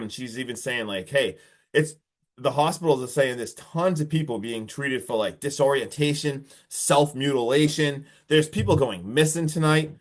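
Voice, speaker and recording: A young man co-hosting a podcast, rambling through a horror film's plot with lots of filler words and the odd swear. His voice sits at an ordinary middle pitch, and the talk is loose and conversational. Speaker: podcast co-host reviewing a film. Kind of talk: casual movie recap.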